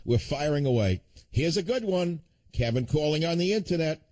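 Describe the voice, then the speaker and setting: A man's voice: on the high side, expressive, moderate pace, mellow. A man hosting a call-in radio show, talking in a combative, sardonic way with chuckling asides. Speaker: radio talk show host.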